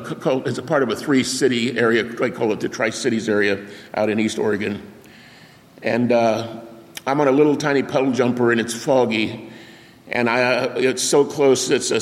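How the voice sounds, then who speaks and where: An older male preacher of middle pitch, telling a story from the pulpit and bringing it to life with sound effects and quoted voices. His voice carries a long reverb, as if spoken in a big church sanctuary. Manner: animated anecdote with sound effects and acted-out quotes. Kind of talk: storytelling sermon. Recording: long reverb of a large hall.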